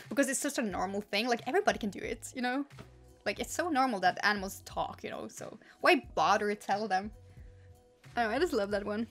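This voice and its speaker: A young woman with a slightly high voice, chatting in a giggly, excitable way and reading stories aloud for her channel. Faint music plays softly underneath her. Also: moderate pace. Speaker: YouTuber. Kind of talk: casual vlog chat and story reading.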